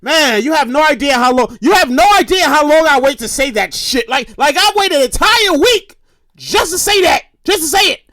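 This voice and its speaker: A podcast host in their thirties rambles through a casual monologue, swearing freely and repeating lines for effect. The voice sits high and bright and swings widely in pitch. It is close and dry, with no room sound. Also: moderate pace, no room sound. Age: 30s. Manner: profane, rambling, animated, repeats phrases.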